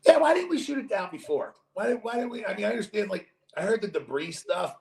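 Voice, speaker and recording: A young man hosting a podcast in casual chat, animated, jokey and swearing freely. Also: high-pitched, fast talker, vocal fry. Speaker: podcast host. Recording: roomy echo.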